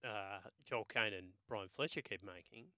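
A man's voice: on the low side, normal speed, pushed and bright, no echo, clean studio sound. A man co-hosting late-night sports radio, explaining things and giving stats in a matter-of-fact way. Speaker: radio co-host. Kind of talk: casual sports radio chat. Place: radio studio.

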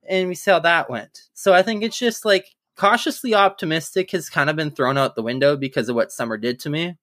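A man's voice: fairly high pitch, a little fast, sharp tone, no echo, studio quality. Rambling young Canadian podcast man. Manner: rambling, jokey, puts on a mock proper voice. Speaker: podcast co-host. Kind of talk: casual podcast chat.

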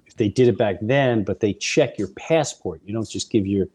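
A man hosting a podcast, telling animated, rambling off-the-cuff stories that wander off on side paths. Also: lowish voice, moderate pace, slightly rough. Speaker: podcast host, comedian. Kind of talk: off-the-cuff storytelling.

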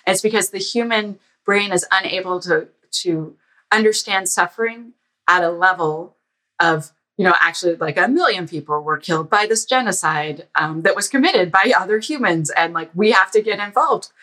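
A woman guest on a podcast, telling lively stories in casual conversation and acting out the dialogue as she goes. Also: medium pitch, normal speed, poor audio. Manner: lively anecdotes, acts out quoted dialogue. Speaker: podcast guest, security author. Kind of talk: casual storytelling interview. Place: lives in a Canadian province.

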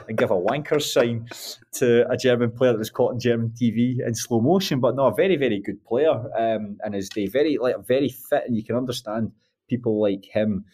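A man co-hosting a casual podcast, talking haltingly with many restarts. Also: fairly low pitch, warm tone. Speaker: podcast co-host.

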